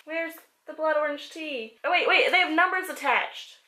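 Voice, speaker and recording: A woman chatting casually as she unboxes a package at a table, excitable and giggly, talking to the items as she finds them. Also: sits high, moderate pace, few pauses. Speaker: vlogger. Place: indoors at a table.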